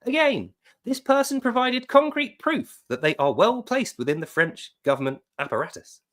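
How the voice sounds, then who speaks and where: A man's voice: very high-pitched, very animated, normal speed, fairly bright tone. A man giving sarcastic reaction commentary, mocking what he reads aloud. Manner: mocking, reads quotes aloud in put-on voices. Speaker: online commentator.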